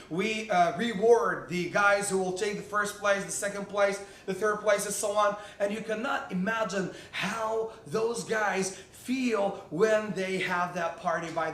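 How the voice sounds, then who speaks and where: A man's voice: high-pitched, fairly bright tone, reverberant. A man, a teacher, giving motivational classroom tips to other teachers, emphatic and repeating key words for stress.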